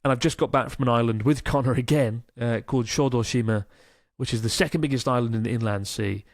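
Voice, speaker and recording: A man's voice: medium pitch, quick pace, no room sound, studio quality. A man co-hosting a casual podcast, reading out listener emails and chatting enthusiastically, swearing casually now and then.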